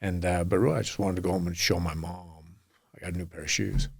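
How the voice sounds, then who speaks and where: A middle-aged man speaks in a deep, gravelly voice as he tells long stories as a podcast guest. He rambles earnestly from one memory to the next, often acting out what other people said. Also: fairly even intonation, quick pace. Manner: earnest, rambling anecdotes with acted quotes. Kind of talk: storytelling in a podcast interview.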